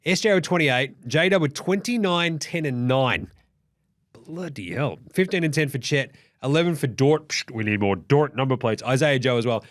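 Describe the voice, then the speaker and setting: Australian man, young, sports recap host, sweary and jokey, pitch leaping all over. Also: animated, moderate pace, dry recording, studio quality.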